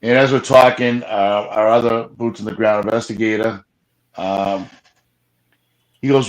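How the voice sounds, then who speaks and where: A man excitedly retelling an encounter in casual live chat, rambling with frequent restarts and fillers. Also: fairly low pitch, moderate pace, rough recording. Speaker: Bigfoot field investigator guest. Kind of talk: casual storytelling on a live show.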